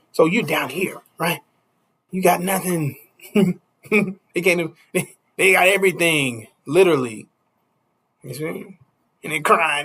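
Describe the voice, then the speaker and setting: A man's voice: on the high side, fairly bright tone, husky. A man preaching a casual street sermon, stopping often to ask "you see?" and chuckling between points.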